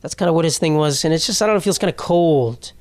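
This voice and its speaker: A man's voice: fairly high pitch, fast talker, darkish tone, no echo. A young man in his twenties hosting a podcast, delivering a rambling, profane comedic monologue. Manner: rambling and profane, with frequent restarts. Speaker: podcast host.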